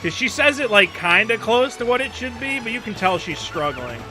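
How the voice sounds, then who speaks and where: A man streaming a video game, chatting casually in a rambling, profane way with quick asides. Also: sits high, sing-song, sharp tone. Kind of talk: casual gameplay chat. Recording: clear game music underneath. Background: game music.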